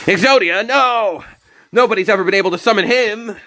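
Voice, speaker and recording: A man doing an impression of an arrogant young male card-game rival, delivered as a melodramatic, shouted outburst. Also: high voice, a little fast, pitched above the performer's own voice. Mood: outraged.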